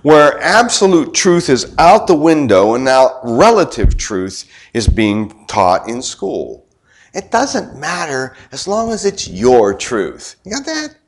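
A man's voice: medium pitch, big pitch swings, slow pace. A middle-aged man preaching a sermon in a conversational way, firing rhetorical questions at the congregation and tossing in joking asides. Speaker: pastor.

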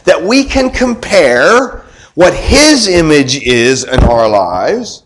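A middle-aged man delivers a sermon in a relaxed, chatty way. His voice sits a little high and swoops widely as he throws rhetorical questions at his listeners. He breaks things up with quick joking asides. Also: noisy background. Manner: conversational preaching with rhetorical questions to the congregation. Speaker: pastor.

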